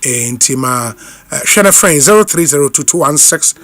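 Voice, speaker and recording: A Ghanaian man hosts a live radio show, his voice sitting a little high for a man. He runs briskly through listener greetings and switches easily between English and Twi. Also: lively intonation, fairly bright tone, no echo. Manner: reads out names and greetings briskly, repeats phone numbers slowly.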